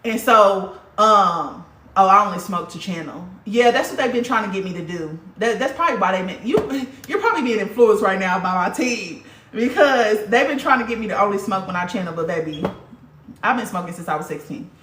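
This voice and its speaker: A woman's voice: mid-range voice, animated, a little fast, fairly bright tone, roomy sound, far from the mic, a little hiss or hum. A woman vlogger talking casually to her viewers, blunt, profane and emphatic. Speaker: spiritual vlogger.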